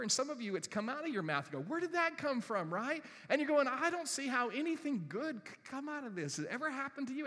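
A man giving a sermon, telling a personal story with lively, acted-out inner dialogue. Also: sits high, big-room sound. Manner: animated storytelling, acts out his own inner voice. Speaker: pastor.

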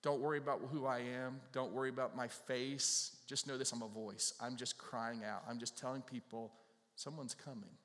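A man voicing a humble, self-effacing male prophet who speaks quietly and insistently. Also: mid-range voice, level tone, normal speed, natural voice. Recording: long reverb from a large hall.

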